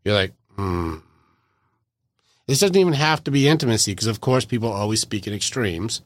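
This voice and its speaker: A man's voice: medium pitch, expressive, fast talker, no room sound, clean studio sound. A man hosting a podcast interview, talking casually and animatedly, acting out little quoted exchanges in playful voices. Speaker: podcast host.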